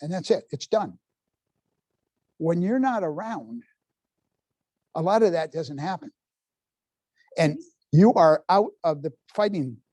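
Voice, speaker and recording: A man's voice: on the high side, lively intonation, takes it slowly, pauses often, dark tone, no echo. A man in his seventies leading a live parenting workshop in a library room, quizzing the audience with folksy asides. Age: 70s. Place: public library meeting room.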